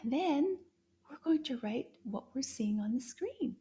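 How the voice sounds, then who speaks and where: A woman teaching a children's French lesson, speaking slowly and encouragingly, repeating words for young learners to echo, with soft whispered asides. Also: high-pitched, expressive.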